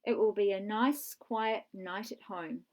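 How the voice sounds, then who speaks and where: A woman voicing a kindly, cautious older male professor in a children's storybook reading, brisk and reassuring. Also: mid-range voice, natural voice. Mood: calm.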